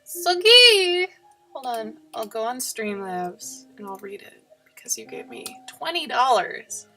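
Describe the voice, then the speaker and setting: A woman with a hint of a Minnesotan accent hosts a casual livestream, chatting and joking as she paints. Her voice is bright and a touch high, with playful outbursts. Soft music plays faintly behind her. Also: lively intonation, unhurried, gravelly. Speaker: livestream host. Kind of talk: casual chat while painting on stream.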